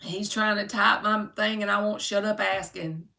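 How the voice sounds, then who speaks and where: Lady reading tarot on a stream, gravelly and bright, mic sitting a bit away from her. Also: medium pitch, steady tone, normal speed, distant mic. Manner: chatty, joking, talks to viewers by name. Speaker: tarot reader. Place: home room.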